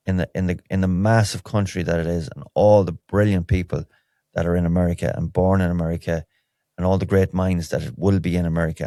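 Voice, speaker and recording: Deep-voiced Irish man rambling candidly. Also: dark tone, no room sound, studio quality. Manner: rambling, candid and wry, many restarts. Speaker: podcast host. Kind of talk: solo podcast, casual chat.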